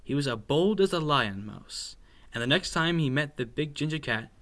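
A man reading a children's picture book aloud in an expressive, playful, sing-song way. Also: fairly high pitch, moderate pace. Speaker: storyteller.

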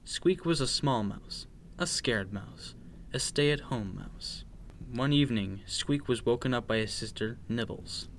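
A man reading a children's bedtime story aloud with expressive, sing-song narration. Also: medium pitch, measured pace, a little hiss or hum.

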